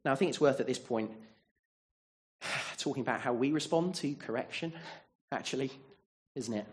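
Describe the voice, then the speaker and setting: A man's voice: medium pitch, normal speed. A man preaching a sermon in a church, earnest and asking the congregation many rhetorical questions.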